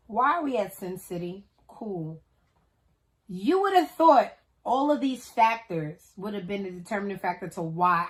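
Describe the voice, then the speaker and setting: Woman vlogger, thirties, casual storytelling to a tripod camera, slangy and lively, acts out each character. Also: medium pitch. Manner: animated, slangy, acts out the people in her story.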